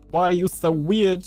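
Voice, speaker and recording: A man with a fairly high voice talks casually on a livestream. He chats in a distracted way while fixing things and keeping up with chat. Faint music plays behind him. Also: darkish tone. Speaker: streamer.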